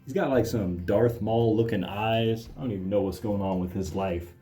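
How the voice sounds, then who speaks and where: A man reads a picture book aloud in a low, warm, relaxed voice. He keeps interrupting himself with dry, mocking asides. Soft music plays faintly behind him. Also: moderate pace. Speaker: comedic reader. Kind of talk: sarcastic read-aloud commentary.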